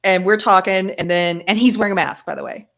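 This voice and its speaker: A woman hosting a casual live-stream chat, telling a story with lively acted-out dialogue and frequent laughter. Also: mid-range voice, brisk, creaky. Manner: animated storyteller who acts out dialogue and laughs often. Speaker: podcast host.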